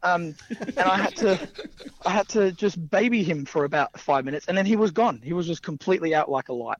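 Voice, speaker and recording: A young man with a high, expressive voice talks fairly quickly as a wrestler guest, sharing casual stories full of fillers and frequent laughs. The audio is dull, dry and lo-fi.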